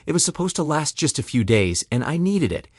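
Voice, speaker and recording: A man's voice: fairly high pitch, very animated, fairly quick, husky, dry recording, studio quality. A man voicing a tearful, pleading wife caught cheating, begging through sobs. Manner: sobbing and begging.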